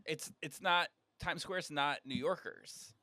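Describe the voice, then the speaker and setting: A man co-hosting a podcast in casual chat, teasing his co-host and tossing in quick jokes. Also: fairly high pitch, sharp tone, dry recording.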